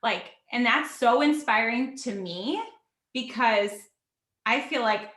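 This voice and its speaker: A woman's voice: a little high, slow pace, a bit bright. A woman hosting an interview, effusive and full of praise, often restarting her sentences. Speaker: host. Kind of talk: interview conversation. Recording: roomy echo.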